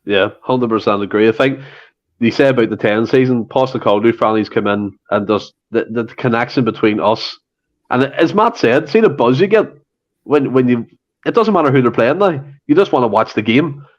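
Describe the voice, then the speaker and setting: A man hosts a casual podcast chat, talking in a lively, loose way with the odd swear word. His pitch sits in the middle for a man. The sound is dull and a bit lo-fi. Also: moderate pace. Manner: chatty, animated, swears casually. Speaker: podcast host.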